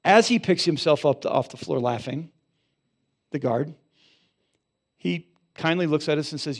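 A man who is a pastor, preaching a sermon with animated storytelling and then leading a quiet prayer in a church. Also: fairly high pitch, normal speed, pauses often, slightly rough. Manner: animated storytelling, rising loud for emphasis, dropping soft in prayer. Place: church sanctuary.

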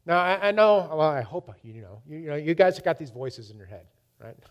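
Male preacher, slightly high voice; emphatic testimony sermon, dynamic swings from loud to hushed. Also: lively intonation, fairly quick. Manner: repeats and restarts words.

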